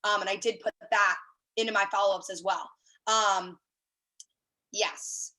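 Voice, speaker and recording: A woman leading a team sales training over a video call, chatty and excited, with lots of fillers and quick asides. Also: mid-range voice, rough recording.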